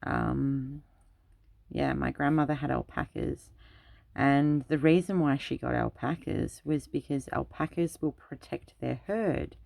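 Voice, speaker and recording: A woman's voice: very deep voice, measured pace, creaky, a little mellow, dry recording. A woman hosting a craft video, telling long rambling childhood stories in a casual chat while she works. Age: adult parent. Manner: rambling anecdotal storytelling. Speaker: craft channel host.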